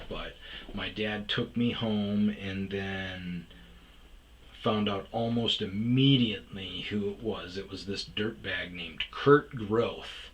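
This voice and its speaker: A man's voice: on the low side, slight background noise, rough recording. Profane, rambling man telling a story. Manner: rambling, profane, self-interrupting. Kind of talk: casual spoken storytelling.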